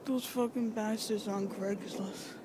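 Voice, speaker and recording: A woman recording an emotional personal video message, halting, sighing and swearing as she nears tears. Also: mid-range voice, fairly even intonation. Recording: noisy background with vehicles.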